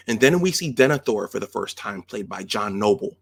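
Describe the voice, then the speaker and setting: Man, casual film recap, conversational, gravelly, low-pitched. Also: lively intonation, a little fast, few pauses. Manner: conversational, with frequent restarts and rhetorical checks. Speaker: film commentator. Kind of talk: casual retelling of film scenes.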